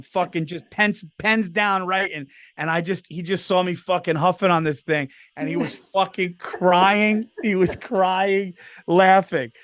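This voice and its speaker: A middle-aged man telling stories on a podcast, his voice sitting a bit high. He swears freely and laughs through his own tales in loose, casual chat. The sound is dry and close to the mic. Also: fairly bright tone, no echo. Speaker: podcast co-host.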